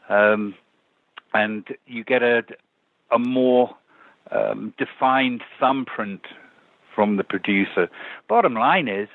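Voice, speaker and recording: A man's voice: mid-range voice, dry recording. A man chatting casually on the radio, thinking aloud with plenty of fillers. His voice comes through a dry, tinny line with a phone-like sound.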